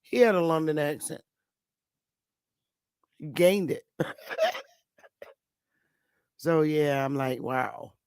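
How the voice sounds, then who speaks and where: A woman's voice: low-pitched, slow pace, long pauses, a little mellow, smooth, no echo, studio quality. A woman hosting a casual morning talk show, rambling and blunt, with frequent swearing.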